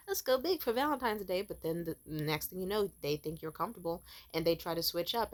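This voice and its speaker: Profane, heated young woman ranting. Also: deep voice. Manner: profane, heated, acts out quoted people in raised voices. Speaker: commentary host. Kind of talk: ranting commentary.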